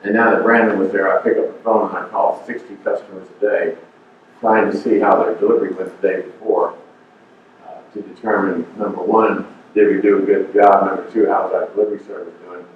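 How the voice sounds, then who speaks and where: A man's voice: sits low, level tone, a little fast, a little hiss or hum. An older man giving an emphatic, preachy motivational talk as a guest speaker, repeating his points. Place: community center hall. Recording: echoey hall, far off, dull sound.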